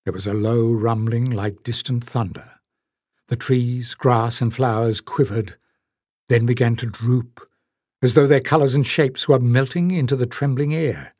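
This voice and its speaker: A man reading fantasy audiobook narration in a measured, dramatic way. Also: medium pitch, fairly even intonation, a little mellow, husky, no room sound, studio quality.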